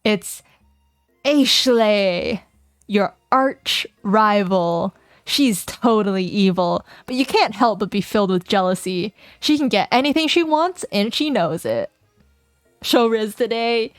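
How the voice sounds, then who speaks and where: A woman's voice: mid-range voice, animated, slow pace, no echo, faint music behind. A woman streamer reading a dating game aloud in a playful, casual way, chatting with her viewers between lines. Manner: playful, laughs often, reads game text aloud.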